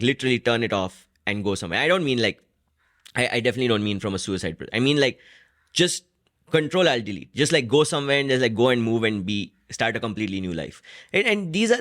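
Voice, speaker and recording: A man hosts a solo podcast and thinks aloud in an unscripted monologue. He wanders through his ideas, restarts phrases and checks in with a quick "right?" as he goes. His voice sits at an ordinary middle pitch. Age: adult with a wife and a job in an office. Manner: thoughtful, rambling, with frequent restarts and "right?" tags. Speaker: podcast host.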